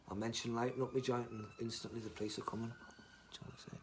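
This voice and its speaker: A man chatting casually on a live stream, rambling, joking and swearing, muttering asides and then loudly greeting viewers. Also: medium pitch, steady tone, quick pace.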